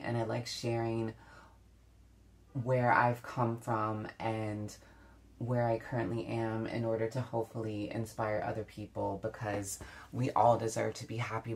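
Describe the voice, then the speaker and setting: A woman's voice: a bass voice, a little mellow, husky. A woman beauty vlogger chatting casually while doing her makeup, reflective, with many fillers and restarts. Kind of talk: casual get-ready-with-me chat.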